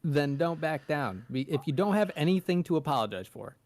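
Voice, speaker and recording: A man's voice: on the high side, lively intonation, a little fast, darkish tone. A man co-hosting a podcast, talking casually in a rambling, easygoing way and swearing now and then. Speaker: podcast co-host. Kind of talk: casual chat.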